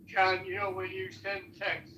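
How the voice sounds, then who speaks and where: A man calling in, soft-spoken and brief. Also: high-pitched, completely flat delivery, unhurried, roomy sound, far from the mic, a little hiss or hum, poor audio. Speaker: caller. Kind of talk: casual phone chat.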